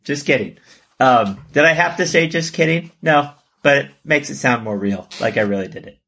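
A man co-hosting a podcast in casual comedic chat, joking and laughing, often jumping into a high exaggerated pitch. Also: expressive, normal speed, vocal fry, pushed and bright. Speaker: podcast co-host.

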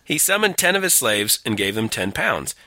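A man's voice: mid-range voice, very animated, normal speed, sharp tone, dry recording. A man co-hosting a casual talk show, sardonic and profane, reading scripture aloud in mock-dramatic tones. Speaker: podcast co-host.

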